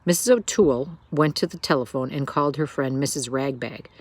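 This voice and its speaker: A woman reads a children's book aloud. Her narration is expressive and lilting. She sounds like a storyteller. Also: very deep voice, brisk, dry recording.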